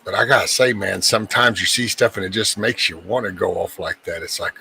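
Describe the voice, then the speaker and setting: A man's voice: on the low side, a little fast, gravelly, few pauses, bright, forceful tone, slightly rough, poor audio. A man hosting a casual show, talking in a laid-back way and muttering and humming to himself between songs. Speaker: host. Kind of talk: casual chat.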